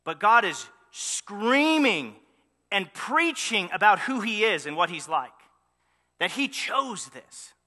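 High, bright-voiced man preaching in a hall. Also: slow pace. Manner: animated storytelling with rhetorical questions. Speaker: pastor. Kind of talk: sermon.

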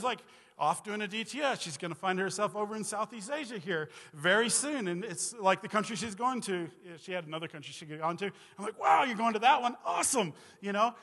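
Man in his 40s, missionary preacher, high bright voice, chatty rambling sermon, big echoey hall. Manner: casual, rambling with many "you know"s and "like"s. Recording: reverberant hall.

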